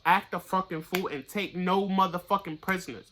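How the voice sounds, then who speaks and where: A tarot reader giving a casual, blunt and profane reading straight to the viewer, getting louder and higher when fired up. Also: moderate pace, a little hiss or hum. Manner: blunt, profane, pep-talk delivery.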